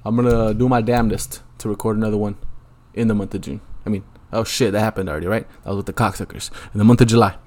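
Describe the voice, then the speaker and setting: A man's voice: on the low side, fairly even intonation, fast, hardly any pauses, darkish tone. Man ranting profanely on a podcast. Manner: rambling, profane ranting with frequent ums. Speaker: podcast host. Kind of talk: solo podcast monologue.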